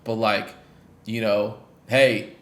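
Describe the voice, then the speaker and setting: A man doing a cocky excited young boy. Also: fairly low pitch, moderate pace, roomy sound, natural voice.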